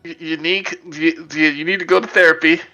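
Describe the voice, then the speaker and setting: A man's voice: fairly high pitch, fairly even intonation, fast, pushed and bright, highs cut off, faint music behind. A man playing a tabletop game, chatting casually, rambling and laughing as he jokes with the group. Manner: rambling, joking, laughs often. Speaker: player.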